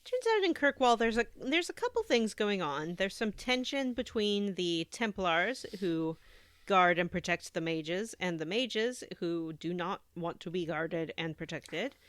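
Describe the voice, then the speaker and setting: A woman's voice: lowish voice, unhurried, no room sound. A woman co-hosting a casual gaming podcast, recapping the story and acting out the characters as she goes. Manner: animated storyteller who acts out characters. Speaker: podcast co-host.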